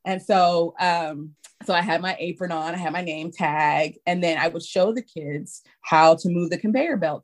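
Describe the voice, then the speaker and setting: A woman in casual conversation, recounting an anecdote and acting out the people in it with high, squealing voices. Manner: animated, acts out quotes in high squeals. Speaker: guest; childcare teacher. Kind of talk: casual storytelling chat.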